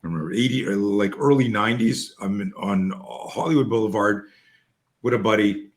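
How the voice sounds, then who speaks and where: A man's voice: lowish voice, moderate pace. A man, hosting a casual interview, telling a rambling anecdote with many fillers and hesitations. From Canada. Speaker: podcast host.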